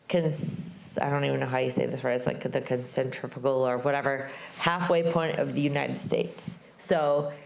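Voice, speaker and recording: A woman telling a lively travel story to a live audience, acting out the voices of people she met and laughing along the way. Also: low voice, creaky, reverberant. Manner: animated storyteller, acts out voices, laughs often. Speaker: guest speaker, long-distance hiker. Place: club venue before a live audience.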